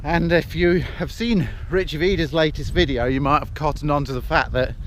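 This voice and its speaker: Out of breath on a hillside, a middle-aged man from England vlogs as he walks uphill, chatting, mocking himself, and laughing often. His voice is a little high and his pace moderate, recorded on a handheld camera with slight background noise.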